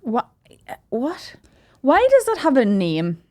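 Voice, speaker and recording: A woman's voice: sits high, wildly swooping pitch, takes it slowly, darkish tone, no echo, studio quality. A woman guest on a comedy podcast, chatting casually and frankly, reacting with disbelief.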